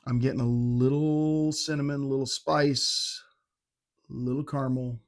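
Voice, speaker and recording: A man's voice: mid-range voice, level tone, normal speed. A middle-aged man giving a casual, rambling and irreverent whiskey tasting review, poking fun at himself. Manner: rambling, irreverent, self-mocking.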